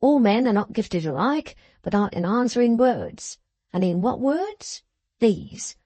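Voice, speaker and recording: A woman voicing a pompous, scheming older man who talks in florid, drawn-out, wheedling phrases. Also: on the high side, expressive, a little mellow, no echo.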